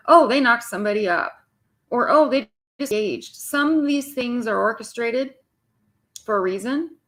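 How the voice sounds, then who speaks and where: A woman's voice: mid-range voice, fairly bright tone. Blunt, exasperated woman coach. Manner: frank, exasperated, swears freely, mimics clients. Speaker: twin flame coach. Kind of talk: blunt monologue to viewers.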